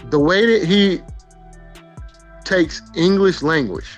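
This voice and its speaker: A man's voice: high voice, takes it slowly, soft background music. A man, a rapper, talking emphatically in an interview, repeating himself and swearing.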